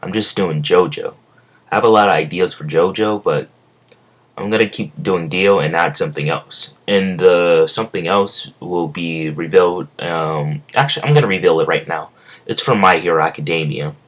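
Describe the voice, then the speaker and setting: A man's voice: low-pitched, normal speed. A young man improvising a fan story, rambling with many fillers and self-corrections. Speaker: amateur storyteller.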